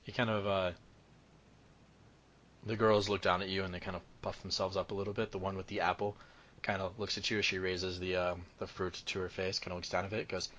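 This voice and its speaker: Low voiced guy running a tabletop game, rambly, lots of ums, faint hum behind. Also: flat delivery, brisk, fairly bright tone, dull audio. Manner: rambling, many fillers and self-corrections. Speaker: game master.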